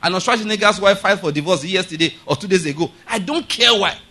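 A middle-aged pastor preaching with a high, bright voice. He talks in an emphatic way, often stopping to ask the congregation if they follow him. He repeats his points firmly. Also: lively intonation, fast talker. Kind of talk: sermon.

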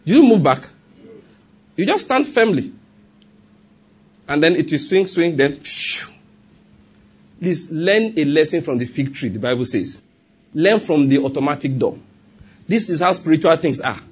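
A man with a Nigerian accent preaching a sermon as pastor, animated and humorous, asking the congregation rhetorical questions. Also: fairly high pitch, moderate pace, pauses often, husky.

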